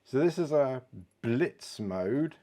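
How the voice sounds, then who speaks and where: A man's voice: medium pitch, expressive, takes it slowly, warm tone. A British man giving a casual watch demonstration, chatty and giggling at his own jokes. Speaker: watch reviewer. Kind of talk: casual product demo.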